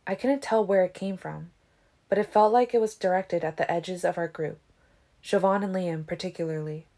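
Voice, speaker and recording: A woman reading a novel aloud in a calm, even narration. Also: fairly low pitch, moderate pace. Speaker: audiobook reader.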